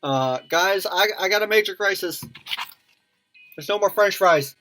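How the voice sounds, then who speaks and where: With a slightly bright voice on the low side, a woman YouTuber does a let's play of a visual novel, voicing the characters' lines in many voices and pausing to comment with quick reactions and laughter. Soft music plays in the background.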